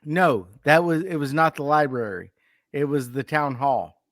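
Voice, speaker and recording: Laughing podcast host, dry close mic. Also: male voice, a little high, lively intonation, unhurried, a bit bright, dry recording. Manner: laughs often, tells anecdotes with quoted dialogue. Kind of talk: casual chat, reading a story aloud.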